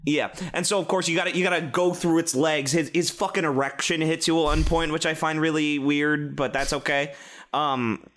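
A man chatting casually and rambling through stories, swearing and laughing as he goes. His voice sits high and rings bright and forward. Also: normal speed. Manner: rambling, excitable storytelling with frequent swearing and laughter. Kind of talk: casual chat.

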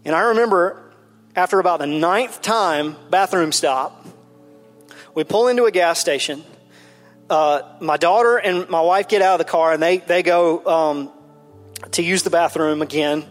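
A man's voice: a little high, normal speed, faint music behind. A man in his thirties, a pastor telling a personal story in a candid, conversational sermon. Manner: candid, personal, builds to emphatic then soft.

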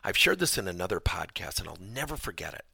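A man hosts a podcast lesson, his voice gravelly and a little husky, with a bright, forceful edge. His pitch swings widely as he presses rhetorical questions. The sound is dry and close. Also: fast, dry recording. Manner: animated, emphatic, rhetorical questions. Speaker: podcast host and workplace trainer. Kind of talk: podcast lesson with personal stories.

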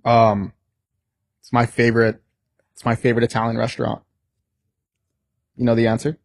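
Animated young man in casual chat. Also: mid-range voice, moderate pace, gravelly. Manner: animated storyteller, swears freely, lots of "like". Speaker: podcast guest.

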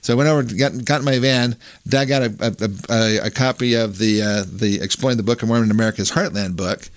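A man's voice: lowish voice, brisk, no echo. Man, author, casual anecdote, rambling with restarts, dry close sound. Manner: rambling, many restarts, acts out quoted voices. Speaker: author telling a story on a podcast.

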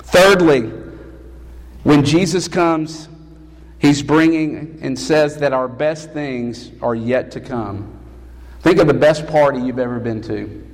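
A man preaching a sermon as pastor, emphatic and rising to loud calls. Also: on the high side, slow pace. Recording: long hall reverb.

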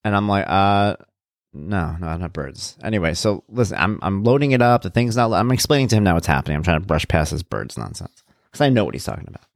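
A man telling personal stories about his family in a casual, animated way, acting out the voices of people he quotes. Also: low-pitched, quick pace, no room sound, studio quality. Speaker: father sharing personal stories.

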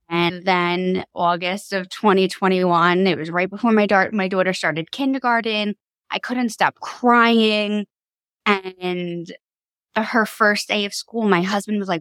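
A woman's voice: medium pitch, fairly even intonation, a little slow, fairly bright tone, no echo. A woman in her thirties from Long Island, New York, a podcast guest telling her family story in a candid, chatty way and laughing easily. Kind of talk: casual storytelling.

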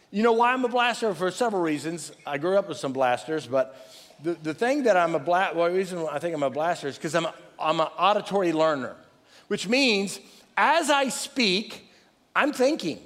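A man delivers a sermon in a high, lively voice that swings all over the place. He speaks loudly and passionately, ad-libbing and poking fun at himself. The sound carries the long reverb of a large hall. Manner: loud, passionate, self-deprecating, improvised. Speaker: pastor.

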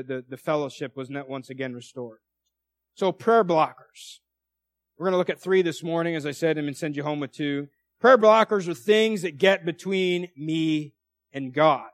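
A man's voice: sits high, dry recording. Man, middle-aged, pastor preaching, conversational with asides, dry recording. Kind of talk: sermon.

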